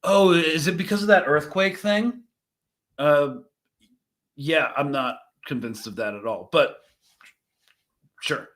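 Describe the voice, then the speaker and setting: A young man hosts a live stream and talks over news clips in a loose, rambling way. His voice sits a little high for a man, and he thinks out loud, trailing off and starting sentences again. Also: takes it slowly, long pauses. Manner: rambling, thinks aloud with fillers and restarts. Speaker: host reacting to news clips. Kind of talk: casual live commentary.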